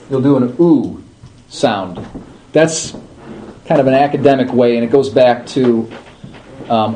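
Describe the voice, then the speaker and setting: Man giving a relaxed liturgy class. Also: mid-range voice, slight background noise, low-quality recording. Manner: conversational, checks in with listeners, drawn-out chanted demonstrations. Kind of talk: informal class talk.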